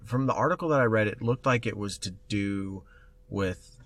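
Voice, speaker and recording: A man's voice: lowish voice, moderate pace. A man co-hosting a casual tech podcast, telling stories animatedly and acting out the voices of the people in them. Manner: animated storyteller, acts out quoted voices. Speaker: podcast co-host.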